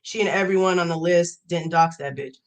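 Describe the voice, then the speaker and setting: A woman's voice: lowish voice, brisk. A young adult woman on a livestream, ranting in a heated, profane way and repeating lines for emphasis. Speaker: YouTube streamer.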